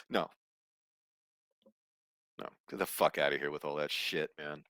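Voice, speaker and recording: A man's voice: extremely low pitch, normal speed, pauses often, a bit bright, clean tone, no room sound. A man hosting a solo commentary show, ranting bluntly and sarcastically with plenty of swearing. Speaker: host.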